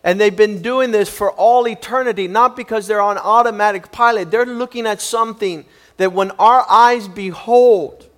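Pastor, male, high voice, preaching with emphatic, repetitive force. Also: moderate pace, a bit bright. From Cuban upbringing. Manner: emphatic, repetitive, building in intensity. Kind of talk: sermon.

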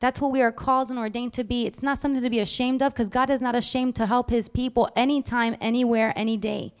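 A woman preaching a sermon in a lively, animated way, acting out little scenes sudden loud outbursts. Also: on the high side, fast, smooth.

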